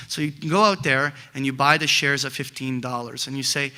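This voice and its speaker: A middle-aged man teaching options trading, telling animated stories with many fillers and restarts. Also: medium pitch, brisk, hardly any pauses, clear, resonant tone. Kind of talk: lecture with acted examples.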